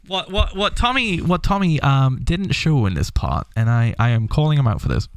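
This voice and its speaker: A man's voice: medium pitch, a bit bright, no echo, studio quality. A man casually reacting to a video, talking animatedly, swearing a lot and laughing often.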